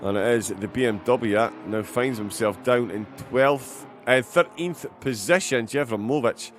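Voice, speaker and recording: Brief: Scottish male race commentator, live and filler-heavy, excited by crashes, mid-range voice, slight background noise. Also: medium pitch, a little slow. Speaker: sim racing commentator.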